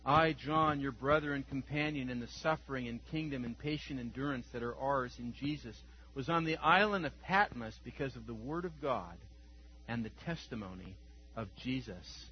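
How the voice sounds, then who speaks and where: A man preaching an Easter sermon as pastor, moving from hushed scripture reading to loud exclamations. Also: mid-range voice. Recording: dull lo-fi recording with faint hum.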